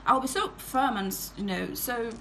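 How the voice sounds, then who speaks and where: A young woman chats straight to camera in a casual story-time vlog, her voice sitting a little high. She giggles often and keeps things animated. A faint hiss of room noise sits under her voice. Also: moderate pace, creaky. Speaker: vlogger.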